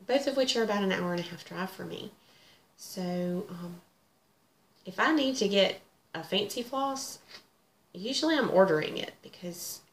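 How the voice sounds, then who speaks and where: A woman's voice: mid-range voice, fairly bright tone, a little hiss or hum. Chatty woman, gushing, echoey room. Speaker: cross-stitch vlogger. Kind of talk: casual chat. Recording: echoey room with faint ambience.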